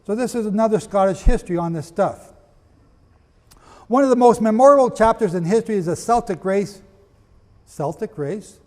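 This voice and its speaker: Guy with a pretty high voice giving a bible lecture, lots of questions at the crowd, long echo off a big hall. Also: moderate pace, pauses often. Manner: animated, asks the audience questions, reads quotations aloud. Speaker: Bible teacher. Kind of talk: lecture-style sermon reading from sources.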